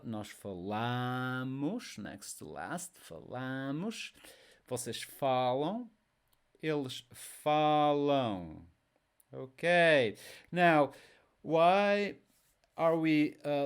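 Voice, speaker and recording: A man teaching an online language lesson, patient and repetitive, drilling each word aloud. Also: mid-range voice. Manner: slow, patient, repeats words for drill.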